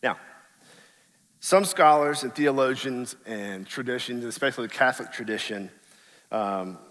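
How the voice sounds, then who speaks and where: In a large church sanctuary, a pastor with a mid-range, sharp-toned voice preaches a sermon. He tells the story casually and acts out the people in it, giving their quotes different voices.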